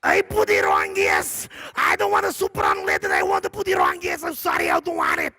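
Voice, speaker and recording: A man voicing a loud, flustered Russian woman customer in broken English, with a put-on Russian accent, shouting on a live stage. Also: a bass voice, huge pitch swings, brisk, gravelly, husky, voice pushed down, exaggerated voice. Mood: frantic. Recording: reverberant concert hall.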